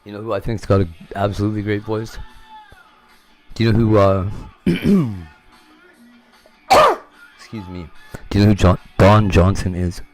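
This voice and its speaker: A man's voice: fairly low pitch, measured pace, pauses often, darkish tone, soft background music. A man chatting casually on a livestream, rambling and candid, swearing freely. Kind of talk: casual chat.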